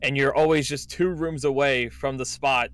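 A man's voice: medium pitch, steady tone, normal speed, a bit bright, no room sound. A man in casual game voice chat who keeps pressing his accusations. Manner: accusing, pushy. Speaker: game player.

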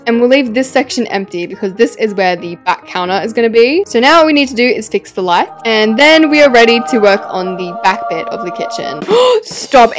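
Chatty, bubbly woman, slightly high voice, casual game commentary over soft music. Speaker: gaming YouTuber. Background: faint background music.

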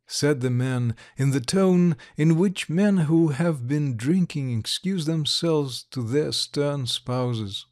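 A man reading a classic short story aloud slowly and clearly for English learners. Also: on the high side, a little mellow, no echo, studio quality. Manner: slow, deliberate, clear reading. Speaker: narrator.

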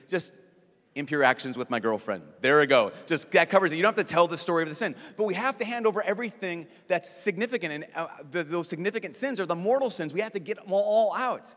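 A priest giving a lively, joking talk at a youth conference, acting out quick voices as he goes. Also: high-pitched. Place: large conference hall. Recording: long reverb of a large hall.

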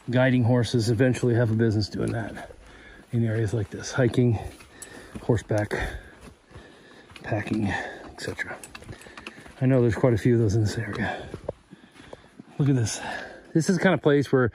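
A man's voice: mid-range voice, moderate pace, long pauses, darkish tone, a little hiss or hum. A man narrating a casual hiking vlog outdoors on a mountain trail, rambling and chatty, talking into a handheld camera. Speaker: hiking vlogger.

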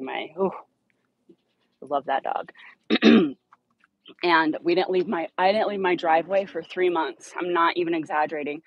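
In a lo-fi recording, a low-voiced woman trains a puppy in a yard. She's a dog trainer explaining how to leash-train outdoors, blunt and direct with people but upbeat when praising the dogs.

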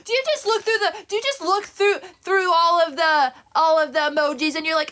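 A woman's voice: very high voice, brisk, hardly any pauses, sharp tone, a little hiss or hum. A woman on a live stream, scolding her chat in an indignant, sing-song way and breaking into improvised songs.

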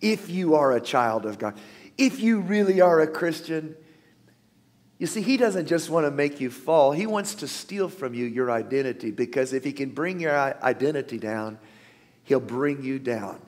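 A pastor delivers his sermon in a somewhat high voice, pressing his points with force and then easing into quiet asides. His words ring out with a long hall reverb. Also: animated, normal speed. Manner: emphatic preacher, swings between loud declarations and soft asides. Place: church sanctuary.

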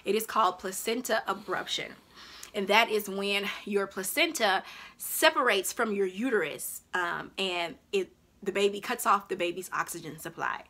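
Woman vlogger, bright and forceful tone, emotional storytelling that climbs when she relives moments. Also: medium pitch, moderate pace. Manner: animated, reliving events in a rising voice. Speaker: vlogger recounting her childbirth.

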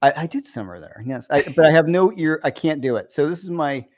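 A man's voice: a little high, animated, fairly quick. A man hosting a casual guitar chat from his home over a video call, rambling and poking fun at himself with lots of restarts. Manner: rambling and self-deprecating, full of restarts. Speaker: guitar teacher hosting the show. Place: room at home. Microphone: video call microphone.

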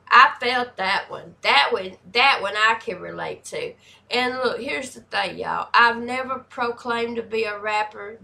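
A woman in her forties hosting a reaction video, chatting casually and hyping things up with excitable energy. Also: medium pitch, creaky. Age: 40s.

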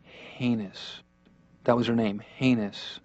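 A man's voice: medium pitch, fairly even intonation, slow, a little mellow, no room sound, close to an everyday voice. An actor playing a wisecracking young male comedian patient, rambling through a sarcastic stand-up style monologue. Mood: wry. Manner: rambling, sarcastic, jokey asides. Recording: dull lo-fi cartoon soundtrack.

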